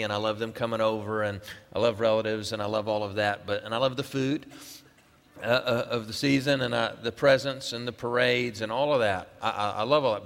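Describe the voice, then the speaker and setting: A man's voice: fairly low pitch, creaky, a bit bright. A middle-aged man, a pastor, opening a sermon in a casual, rambling way with many fillers and restarts. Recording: long echo of a large hall.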